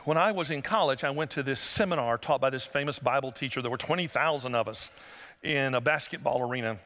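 Bright-voiced pastor preaching in a reverberant hall. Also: male voice, quick pace. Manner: storytelling, acting out voices in a high falsetto. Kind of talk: sermon.

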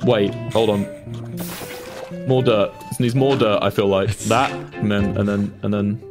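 A man's voice: fairly low pitch, flat delivery, unhurried, over music. A man bantering with friends while playing a video game, giving orders and teasing in a mock-announcer way. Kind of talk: casual gaming banter.

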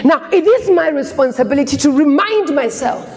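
A South African woman giving an emphatic motivational speech to a university audience, repeating phrases and building to shouts. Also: high voice, expressive, moderate pace. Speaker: motivational speaker. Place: large hall. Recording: long hall reverb, faint music behind.

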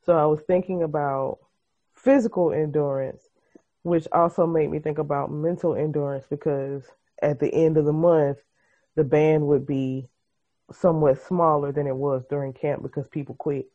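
A woman co-hosting a podcast in casual chat, expressive and storytelling. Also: low-pitched, moderate pace. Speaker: podcast co-host. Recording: muffled video-call audio.

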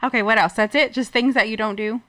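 A woman's voice: fairly high pitch, steady tone, pushed and bright. A woman co-hosting a podcast, chatting and arguing back in casual banter with her partner. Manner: laughing, quick to argue back. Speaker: podcast co-host. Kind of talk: casual couple banter and story reading.

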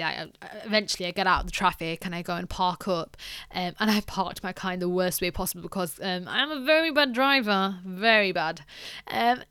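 A woman's voice: medium pitch, bright, forceful tone, clear, resonant tone, no echo. A young woman telling a personal story on her podcast, candid and rambling, with many fillers and restarts. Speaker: podcast host.

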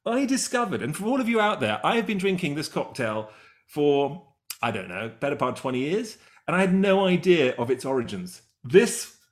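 A man's voice: a little high, big pitch swings, moderate pace. A middle-aged man with an English accent, hosting a playful, chatty interview over a video call. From England. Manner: chatty, playful, self-mocking. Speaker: interview host.

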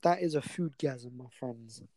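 A man's voice: mid-range voice, measured pace, darkish tone, low-quality recording. A man co-hosting a casual chat, rambling and effusive, easily going off on tangents. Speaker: podcast co-host.

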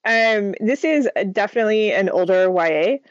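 A woman's voice: mid-range voice, expressive, moderate pace, no echo. A woman co-hosting a book podcast, talking in an easygoing, slightly hesitant way. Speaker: podcast co-host. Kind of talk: casual chat. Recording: dull dry lo-fi sound.

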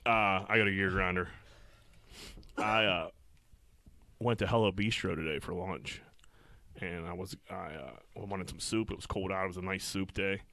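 A man's voice: low-pitched, fairly even intonation, normal speed, long pauses, pushed and bright, dry recording. A young man co-hosting a podcast, chatting casually in a rambling, profane, self-mocking way. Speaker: podcast co-host. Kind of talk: casual chat.

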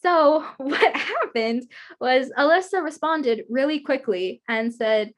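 A woman's voice: high voice, animated, takes it slowly. A woman hosting an interview over a video call, chatting casually, giggling often and rambling through her stories. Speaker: guest host interviewer. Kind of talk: casual chat.

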